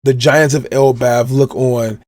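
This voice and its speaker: A man's voice: mid-range voice, fairly even intonation, measured pace, a little mellow, dry recording. A man from Chicago hosting a podcast, casually retelling a comic chapter step by step and quoting the characters' lines. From Chicago, USA. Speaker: podcast host.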